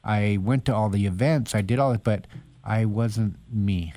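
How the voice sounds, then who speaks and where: A man with a low, mellow voice speaks as a guest author. He tells personal stories earnestly and slips into the voices of people he quotes. The sound is close and dry. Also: moderate pace, dry recording. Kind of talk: conversational interview.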